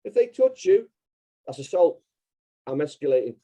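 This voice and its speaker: A man's voice: fairly high pitch, very animated, normal speed, mellow, low-quality recording. A man speaking as a podcast guest, emphatic and insistent, repeating his key points. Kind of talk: casual interview talk.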